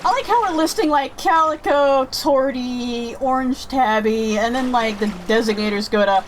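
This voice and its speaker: A woman chatting casually while playing a game, rambling and thinking out loud with many restarts. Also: sits high, moderate pace, a little hiss or hum, low-quality recording. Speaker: gaming streamer chatting with viewers. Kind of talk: casual chat over gameplay.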